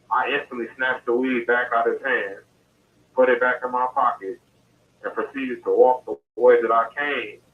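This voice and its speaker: A man's voice: medium pitch, slight background noise. A man recounts events to an interviewer in a casual, detailed way, often restarting and repeating his phrases. His voice sits in the middle range for a man. It comes through a tinny phone line, distant from the mouthpiece. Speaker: interview guest. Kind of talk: telling his story in detail. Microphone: phone call.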